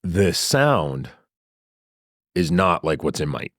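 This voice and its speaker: Deep-voiced man telling a lively story. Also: takes it slowly, no room sound, clean studio sound. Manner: animated storyteller who acts out dialogue and laughs often. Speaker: guest telling his story. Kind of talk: personal story told in a studio interview. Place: sound studio. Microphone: studio microphone.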